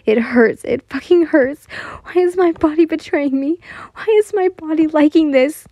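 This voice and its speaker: A woman's voice: sits high, moderate pace, warm tone, no room sound, muffled recording, pitched above the performer's own voice. A woman doing a frightened, distressed young woman. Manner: panicked, pleading.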